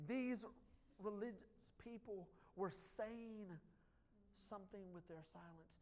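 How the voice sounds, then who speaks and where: A man preaching a sermon as pastor, swinging from hushed lines to loud ones and joking with the congregation. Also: high voice, normal speed. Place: church.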